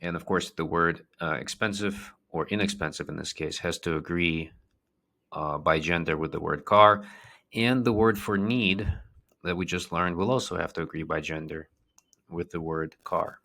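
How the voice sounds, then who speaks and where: A man's voice: low-pitched, steady tone, normal speed, vocal fry, bright, forceful tone. A man giving a language lesson, patiently drilling words and repeating them, with fillers and restarts as he explains. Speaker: language teacher.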